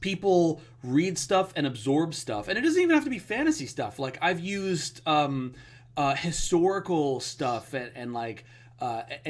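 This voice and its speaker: A man co-hosting a podcast, talking in a rambling, enthusiastic way with lots of fillers. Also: fairly high pitch. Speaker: podcast co-host. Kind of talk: casual podcast chat.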